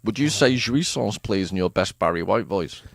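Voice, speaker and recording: A man's voice: fairly low pitch, animated, moderate pace, vocal fry, dry recording. A man co-hosting a casual discussion podcast, wry and self-mocking, steering the talk back to the book over a remote call. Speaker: podcast co-host. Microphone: remote video call.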